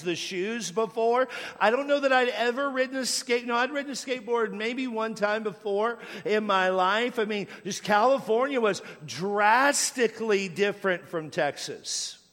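A man's voice: high-pitched, a bit bright, big-room sound. A middle-aged pastor from Washington State preaching a sermon, telling stories and repeating phrases as he builds a point. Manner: storytelling, repeats words when building a point.

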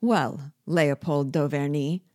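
A woman reading aloud and voicing a sinister, vengeful male dwarf sorcerer in a slow, mocking, menacing way. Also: sits low, steady tone, darkish tone, no echo, studio quality.

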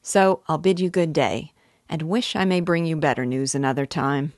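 A woman's voice: low voice, moderate pace, a little mellow, no room sound, clean studio sound, close to an everyday voice. A woman reading aloud and voicing a blunt, gossiping male horse dealer in a chatty, insinuating way.

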